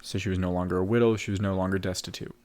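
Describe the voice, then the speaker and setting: Male co-host, low-pitched, conversational, stops and restarts while retelling scenes. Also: steady tone, darkish tone. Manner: retells scenes with quoted lines, halting restarts. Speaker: podcast co-host. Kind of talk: casual discussion of a play.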